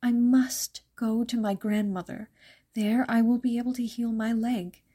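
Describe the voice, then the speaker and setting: A woman voicing a frightened, gentle young peasant girl in a soft breathy whisper, with tearful, old-fashioned formal speech, in whispered role-play. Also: a little high, little pitch movement, a little slow.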